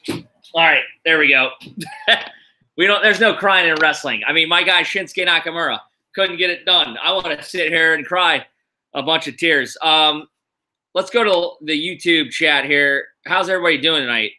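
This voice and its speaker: A man's voice: a little high, moderate pace, bright, forceful tone, low-quality recording. A middle-aged man from the US East Coast, hosting a wrestling show on a live stream at home, rambling with fillers and sounding tired. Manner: rambling, many fillers, tired but upbeat. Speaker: wrestling podcast host. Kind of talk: casual live-stream chat. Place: home room.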